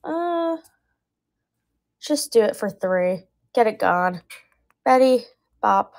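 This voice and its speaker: A woman in her twenties chatting casually on a live sales stream, talkative and quick to laugh at her own slips. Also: medium pitch, big pitch swings, a little hiss or hum. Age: 20s. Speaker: live online seller. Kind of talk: casual live-sale chat.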